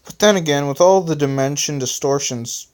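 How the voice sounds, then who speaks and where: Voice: mid-range voice, normal speed, darkish tone, natural voice. A home reader voicing Ben, a smug villain who greets the heroes in his lair and rambles through his explanations.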